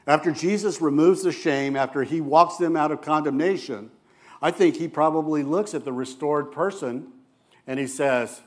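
The man preaching is a church elder whose voice is a little high and paced moderately. He's earnest throughout, dropping quiet and soft as he voices gentle quotations.

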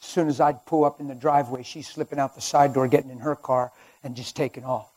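Husky man preaching a dramatic testimony. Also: mid-range voice, fairly even intonation, fast. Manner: dramatic storytelling, swings from quiet to loud. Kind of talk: sermon testimony.

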